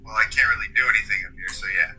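A man playing a tabletop game with sarcastic, deadpan jabs at the others. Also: fairly low pitch, very fast, low-quality recording. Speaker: player. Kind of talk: casual tabletop game play.

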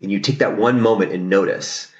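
A man's voice: lowish voice, a little fast, a little mellow, highs cut off. A male therapist, a podcast guest, talking reflectively and explaining, often checking in with "right?". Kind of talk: podcast conversation. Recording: roomy echo.

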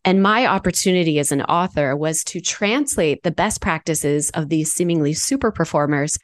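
A woman in her forties, a guest consultant giving articulate, lively interview answers and laughing easily. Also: deep voice, moderate pace.

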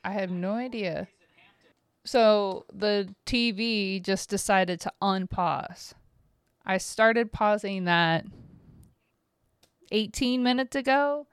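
A middle-aged woman hosting a podcast alone, rambling and self-mocking in casual talk, swearing freely, recorded on a close mic in a quiet room at home. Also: medium pitch, clear, resonant tone, no room sound. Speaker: podcast host. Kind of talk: casual solo podcast monologue.

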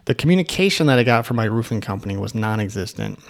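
A man's voice: medium pitch, animated, fast. A man who owns an agency, telling a story in a casual, rambling way with asides and restarts. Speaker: agency owner.

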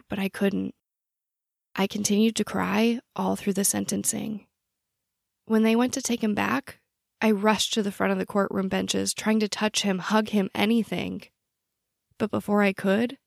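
Creaky-voiced woman narrating true crime. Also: medium pitch, level tone, no room sound, studio quality. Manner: measured, personal storytelling.

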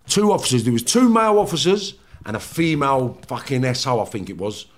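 A man, a former prisoner, talking bluntly and swearing heavily in a casual podcast chat, loud and animated when he retells clashes. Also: mid-range voice.

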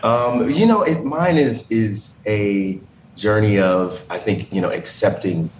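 A man from Indiana, a podcast guest, talking reflectively and haltingly from his living room over a video call. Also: lowish voice, echoey room, slight background noise, rough recording. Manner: reflective, hesitant, many restarts. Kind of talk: casual interview.

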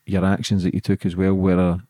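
Fast-talking deep-voiced man. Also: monotone, warm tone, dry recording, studio quality. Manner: casual, blunt, filler-heavy questions. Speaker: podcast host. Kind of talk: conversational podcast interview.

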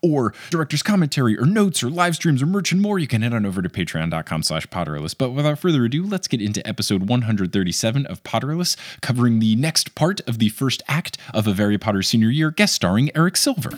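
A man's voice: medium pitch, lively intonation, quick pace, no echo. A man hosting a podcast, chatting casually and reading out thanks and plugs in an upbeat way, close to the mic. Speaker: podcast host.

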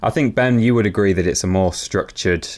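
Man, podcast co-host, lowish voice, halting, lots of ums. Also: darkish tone. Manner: hesitant, lots of ums and restarts. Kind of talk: casual chat.

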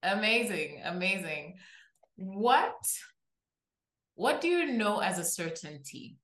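A woman hosts a podcast interview, asking her questions slowly and praising the guest warmly. Her pitch swings widely, and she sounds roomy and echoey, as if some way from the mic. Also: animated. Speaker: podcast host.

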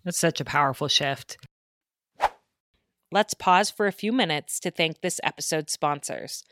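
A woman's voice: deep voice, a little slow, a bit bright, no room sound, studio quality. A woman hosting a casual podcast, agreeing readily and laughing along with her guest. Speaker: podcast host.

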